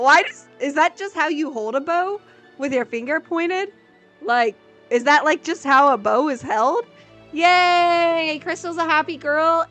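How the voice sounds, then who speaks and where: A woman's voice: sits high, pushed and bright. A woman in her thirties streaming a video game, chatting casually with viewers and playfully exasperated. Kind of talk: casual gameplay chat with viewers.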